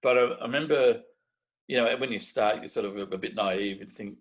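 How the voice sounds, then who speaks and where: A middle-aged Australian make-up effects artist, appearing as an interview guest, tells stories casually and animatedly in a lowish, brisk voice. He often restarts and acts out what other people said. The recording quality is low.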